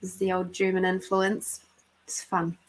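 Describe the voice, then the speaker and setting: A woman from New Zealand with a New Zealand accent, hosting a live stream and chatting casually with viewers, unhurried and quick to laugh. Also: fairly low pitch, completely flat delivery. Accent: New Zealand, softened by years in South Australia. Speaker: podcast host and intuitive reader.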